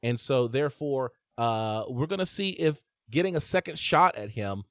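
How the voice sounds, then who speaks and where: A man hosts a live call-in sports show with chatty energy, stumbling over fillers and restarting lines. His voice sits in a middle pitch, close to the mic in a very dry space with no room sound. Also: animated, normal speed, dry recording. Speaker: host.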